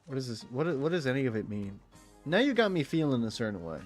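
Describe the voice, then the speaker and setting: Male streamer, casual and profane, lively pitch swings, middle-pitched voice, reads game text aloud with jokey asides. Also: fast talker, faint music behind. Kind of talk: gameplay commentary.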